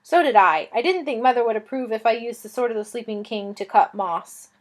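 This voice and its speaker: Lady reading a kids book aloud, lively and expressive, kinda high voice. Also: brisk. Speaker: reader. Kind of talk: reading a children's novel aloud.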